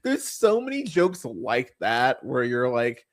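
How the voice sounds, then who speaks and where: A man's voice: medium pitch, big pitch swings, slow. A young man hosting a podcast, chatting casually and profanely about bad movies, rambling with many fillers and laughing as he goes. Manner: rambling, profane, laughing often, swooping into mocking voices. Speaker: podcast host. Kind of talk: casual movie review chat.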